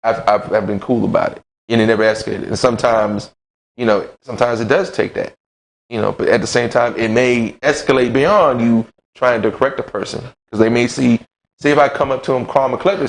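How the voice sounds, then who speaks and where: A man in a casual live-stream conversation, relaxed and talkative, who often restarts and repeats his words. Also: mid-range voice, fairly quick, gravelly.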